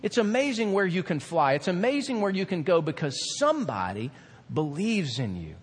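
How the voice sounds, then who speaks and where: A man preaching as pastor in a sermon, animated and preacherly. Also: sits high, moderate pace, breathy edge, in a large hall.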